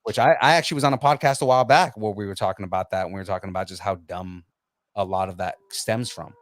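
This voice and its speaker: A man's voice: lowish voice, fast, no echo. A man co-hosting a podcast in casual chat, talking loosely with lots of fillers and jokes. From Central America. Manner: chatty, many fillers and restarts, joking. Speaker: podcast co-host.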